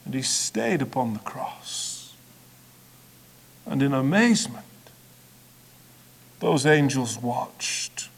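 A man preaching a sermon in a measured, repetitive build-up, swinging dramatically between hushed and loud delivery. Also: mid-range voice, animated, gravelly, a little hiss or hum.

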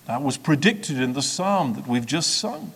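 A man preaching a sermon in a measured, repetitive build-up, swinging dramatically between hushed and loud delivery. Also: fairly high pitch, sing-song, creaky, breathy edge.

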